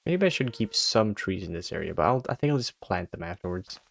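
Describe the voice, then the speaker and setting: A man's voice: low-pitched, lively intonation, fairly quick, vocal fry. A Swedish man with American-style English, Swedish his first language, chatting casually and rambling as he streams a game, swearing and laughing often. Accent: American-style English learned as a second language. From Sweden. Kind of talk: casual commentary while gaming.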